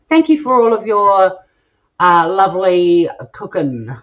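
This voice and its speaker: A bubbly Australian woman chats to her viewers while she cooks in her home kitchen. Her voice sits at an everyday middle pitch. The stream audio is a little dull and lo-fi. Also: animated, measured pace. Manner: bubbly, chatty, talks to viewers while cooking. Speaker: cooking show host. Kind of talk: live-streamed cooking chat.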